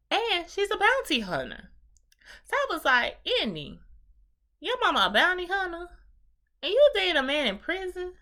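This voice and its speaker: A woman giving a sassy, profane, animated recap of a reality TV show. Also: a little high. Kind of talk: casual recap commentary.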